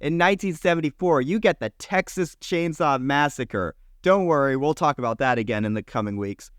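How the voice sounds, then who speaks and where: A man's voice: fairly high pitch, animated, clear, resonant tone, no room sound, clean studio sound. Enthusiastic man rattling off film history. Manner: enthusiastic, listing years in quick bursts, swears casually. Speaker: podcast co-host. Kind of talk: casual chat, film history rundown.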